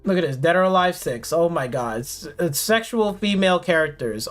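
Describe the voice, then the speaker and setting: A man's voice: fairly high pitch, expressive, moderate pace, few pauses, faint music behind. A man streaming games, ranting sarcastically and profanely, rambling with many fillers in an exasperated tone. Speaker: gaming streamer.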